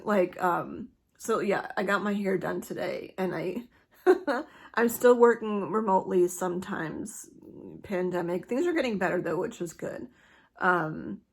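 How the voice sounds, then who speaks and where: A woman talking candidly to the camera in a personal vlog, rambling and restarting, swearing and laughing through her frustration. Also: mid-range voice. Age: adult, not yet menopausal. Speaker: vlogger sharing her cancer journey.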